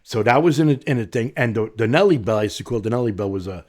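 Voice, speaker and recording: Rapid-fire and medium-pitched, a middle-aged Long Islander with a New York accent tells his story as a podcast guest. In animated interview storytelling, he acts out each quoted character's voice.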